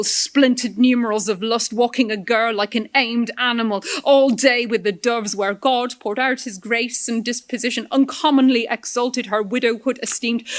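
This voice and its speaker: A woman with a somewhat high voice reads her own poetry aloud. Her delivery is deliberate and rhythmic, and she shifts the weight from phrase to phrase as she recites. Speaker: poet. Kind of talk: poetry reading.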